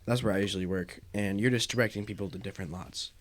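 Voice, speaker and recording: Young man, low voice, relaxed rambling podcast talk. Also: fast talker. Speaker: podcast co-host. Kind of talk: casual chat.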